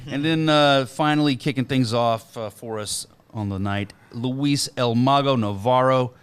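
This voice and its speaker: A man hosting a casual podcast, easygoing and often laughing. His voice sits at a plain middle pitch. He tells stories loosely and reads off results. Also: measured pace, smooth. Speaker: podcast host. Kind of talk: casual chat.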